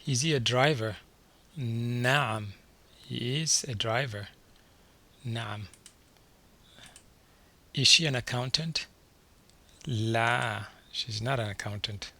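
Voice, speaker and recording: A man teaching a beginner vocabulary lesson from slides, saying each word twice and slowly before asking what it means. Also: medium pitch, bright, forceful tone. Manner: repeats each word slowly, then quizzes the listener. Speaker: language teacher.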